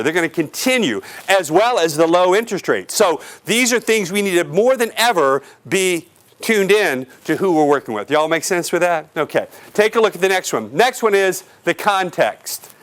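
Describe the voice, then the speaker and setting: A man giving an energetic real estate sales training seminar to a live audience, asking the crowd questions and acting out clients. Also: high voice. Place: office or meeting room with an audience.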